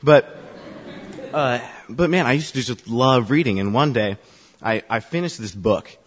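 A man's voice: mid-range voice, a little slow, slight background noise. A man on church youth ministry staff telling a self-deprecating personal story to a congregation, chatty and full of fillers. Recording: echoey hall, dull sound.

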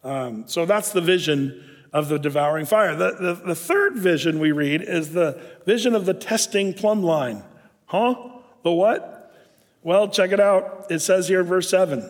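Pastor, middle-aged man, somewhat high voice, relaxed and rambling sermon delivery, long echo of a big hall. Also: unhurried. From Southern Oregon. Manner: conversational, many fillers and restarts.

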